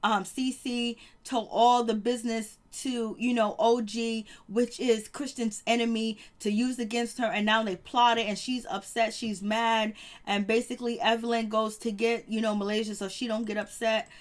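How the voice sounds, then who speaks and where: A woman's voice: on the high side, little pitch movement, moderate pace. A woman casually recapping a reality TV episode, retelling the drama in a chatty, dramatic way full of fillers. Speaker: TV show reviewer.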